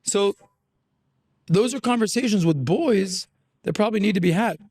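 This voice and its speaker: A man's voice: sits high, normal speed, creaky, darkish tone, slightly rough. A man, a guest on a podcast, talking bluntly and animatedly with plenty of swearing and fillers. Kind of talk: casual podcast conversation.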